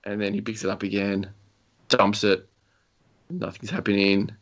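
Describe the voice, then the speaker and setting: A man's voice: on the low side, fairly even intonation, moderate pace. Young man rambling through gaming stories. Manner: rambling storytelling with frequent chuckles and fillers. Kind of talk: casual gaming chat. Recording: slightly dull lo-fi recording.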